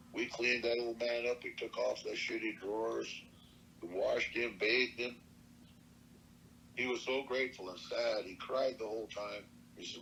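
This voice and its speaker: A man's voice: medium pitch, steady tone, measured pace, creaky, fairly bright tone, slight background noise, rough recording. An older man from Montana telling a personal story from his youth, plainspoken and earnest, with salty language. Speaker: elder storyteller. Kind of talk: personal oral-history storytelling.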